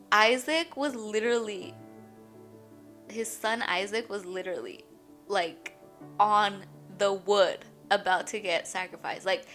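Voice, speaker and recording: In this emotional faith testimony vlog, a young woman with a mid-range, fairly bright voice rambles in a chatty way, sprinkling in lots of "like" and "you guys." She's tearful and shaky at times, close to crying, breaking into wobbly laughs and sobs.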